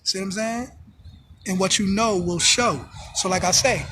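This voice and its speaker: A man talking in a casual monologue, animated, full of street slang, often acting out other people's voices. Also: high voice, normal speed, a little hiss or hum. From New York. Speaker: host. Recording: music in background.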